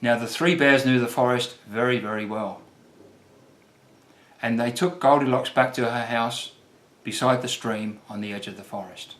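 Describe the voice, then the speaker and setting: A man reading a children's fairy tale aloud as the storyteller, gentle and unhurried. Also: mid-range voice, steady tone. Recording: roomy echo.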